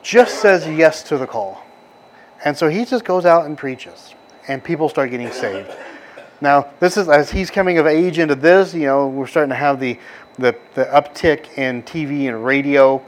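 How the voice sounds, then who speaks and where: A middle-aged man from the American South with a softened Southern accent, preaching a casual, rambling sermon full of stories and fillers. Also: fairly high pitch, normal speed, a little hiss or hum. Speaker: pastor.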